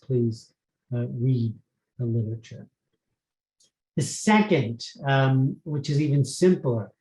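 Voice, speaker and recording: A man giving an earnest clinical lecture on prevention, emphatic and pausing on fillers as he goes. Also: mid-range voice, a little mellow. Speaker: psychiatrist lecturer. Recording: echoey room.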